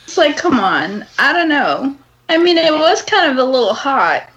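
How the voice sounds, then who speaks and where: A woman's voice: high-pitched, very animated, moderate pace, a bit bright, highs cut off. A woman in casual podcast chat, blunt and crude, swearing and giggling often.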